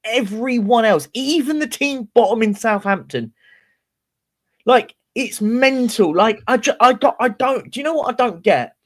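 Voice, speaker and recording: A man co-hosting a casual football fan podcast, animated and ranting, often mimicking other fans. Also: very high voice, unhurried. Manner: animated, ranting, quotes fans in mocking voices. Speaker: podcast co-host.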